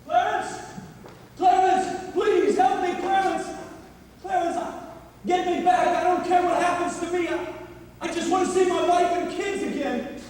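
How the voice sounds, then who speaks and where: A stage actor playing a desperate husband and father, pleading and shouting in a live play. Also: very high voice, fairly even intonation, moderate pace, a little hiss or hum. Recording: echoey hall miked from far.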